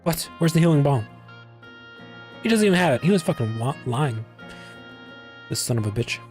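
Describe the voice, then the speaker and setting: A man's voice: a little high, big pitch swings, normal speed, darkish tone, soft background music. A man streaming a game, casual and grumbling, swearing freely at what happens on screen. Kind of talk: gaming commentary.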